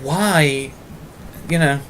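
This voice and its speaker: A man's voice: fairly high pitch, very slow, a bit bright, a little hiss or hum. Rambling British man vlogging. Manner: rambling and long-winded, with many fillers; self-mocking asides. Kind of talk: casual tag-video monologue.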